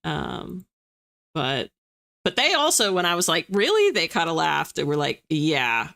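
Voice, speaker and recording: Animated, low-voiced woman chatting on stream. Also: a little slow, vocal fry. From US East Coast. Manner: chatty, animated, self-deprecating. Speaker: livestream host. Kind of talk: casual chat reading viewer comments.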